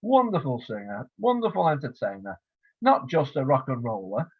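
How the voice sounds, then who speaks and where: A husky-voiced man in his seventies, heard over a thin, tinny phone-like line. He talks as an interview guest, rambling through an anecdote and slipping into quoted dialogue as he goes. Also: mid-range voice, very animated, normal speed, no echo. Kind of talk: casual storytelling interview.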